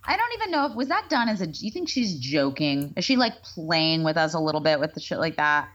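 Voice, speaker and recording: Woman co-host, twenties, low-ish voice, sarcastic storyteller, dull lo-fi sound. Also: brisk. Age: 20s. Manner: animated, sarcastic, swings pitch in quoted bits. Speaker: podcast co-host. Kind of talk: casual chat, storytelling.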